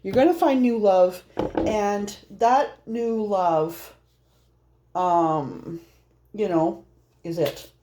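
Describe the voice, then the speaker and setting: A woman talks through a tarot reading in a loose, rambling way, laughing as she goes. Her voice is mellow and warm, at a middle pitch. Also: extremely slow, long pauses, a little hiss or hum. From Norwegian heritage. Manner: chatty and rambling, laughing often. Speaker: tarot reader. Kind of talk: casual spoken tarot reading.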